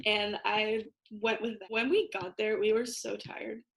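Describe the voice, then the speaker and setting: A woman's voice: medium pitch, level tone, unhurried, gravelly. A young woman from Paraguay, a guest in a casual chat, chatty, filling her talk with little fillers and laughing often.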